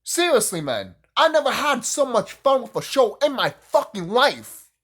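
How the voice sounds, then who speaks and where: Excitable man gushing with swearing. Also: very high voice, normal speed, slightly rough. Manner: excitable, profane, gushing, rambling. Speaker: YouTube reviewer. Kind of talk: casual rant-style show review.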